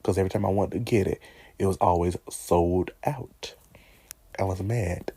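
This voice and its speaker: Young man vlogger, husky and dark-toned, animated, laughs, talks back at characters. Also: low voice, normal speed. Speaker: vlogger ranking favorite movies. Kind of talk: casual chat.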